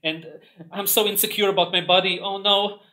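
A man's voice: high-pitched, fairly even intonation, a little fast, sharp tone, pitched above the performer's own voice. A man voicing an insecure man lifting weights at a gym, whining and pitying himself. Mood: whiny.

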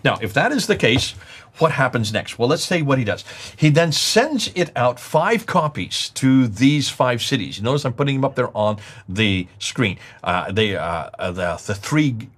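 Explaining manuscript history in a lecture-style discussion, a middle-aged presenter uses examples and stresses key words by repeating them emphatically. He speaks at a moderate pace in a medium-pitched, very animated voice with a fairly bright tone.

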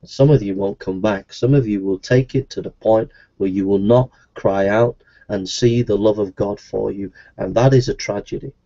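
Guy preaching, earnest and repetitive, mellow tone, kinda dull recording. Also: fairly low pitch, normal speed, vocal fry, hardly any pauses. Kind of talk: sermon.

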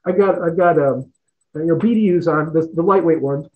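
A man's voice: a little high, a little fast. Middle-aged guy rambling through war stories on a video call, stumbles over words, sounds like a phone. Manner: rambling, repeats words, chuckles. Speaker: guest, retired fighter pilot. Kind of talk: casual storytelling in an interview. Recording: tinny phone-like line.

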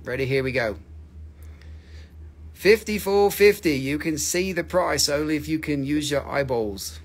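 A man's voice: a little high, measured pace. Playful man hosting a crystal sale. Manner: joking, playful, chatty with viewers. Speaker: host selling crystals on a livestream. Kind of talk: live sales stream chat.

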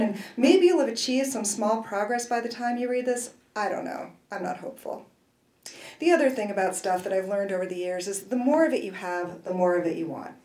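A woman's voice: on the high side, a little mellow, roomy sound, rough recording. A woman author reading aloud from her novel at a university event, in a wry first-person voice with brief asides.

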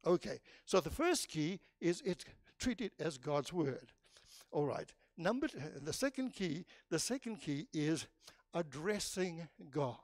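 A man preaching a sermon in church, emphatic and animated, rising and dropping sharply and restarting his phrases often. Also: on the high side, measured pace, no room sound, studio quality.

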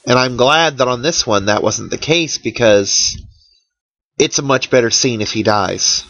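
Man, let's play commentator, chatty and wry, tired, mid-pitched, dry, dull lo-fi mic. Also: measured pace, fairly bright tone, no room sound. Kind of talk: casual game commentary.

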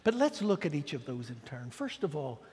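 Male guest preacher, high-pitched, theatrical storytelling delivery, long church reverb. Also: very animated, brisk. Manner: dramatic storytelling, swinging from loud declarations to hushed asides. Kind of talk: sermon. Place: church sanctuary.

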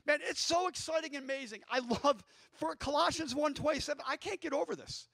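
A man delivers an excitable sermon in a strikingly high, bright voice. He bursts into shouts and pulls the congregation into call-and-response. The sound is dry and close. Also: fairly quick, gravelly, no room sound. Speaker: guest preacher.

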